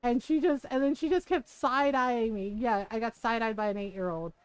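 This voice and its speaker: Female game streamer, high pitch, rambling casual storyteller. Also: moderate pace, smooth, dry recording. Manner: chatty, rambling, laughs through her stories.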